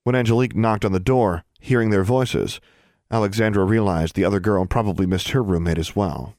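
A man narrating an audiobook in a steady, even storytelling manner. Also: lowish voice, brisk, no echo, clean studio sound.

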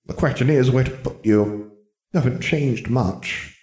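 A man's voice: medium pitch, measured pace, a little mellow, roomy sound, voice pushed up, lightly acted. A man voicing an old, sly magical talking hat with a musing, teasing manner.

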